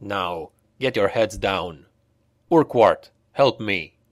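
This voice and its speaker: A man doing a stern gruff sergeant. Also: expressive, no echo. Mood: menacing. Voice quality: gruff, low and slow. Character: stern hard-driving male soldier sergeant.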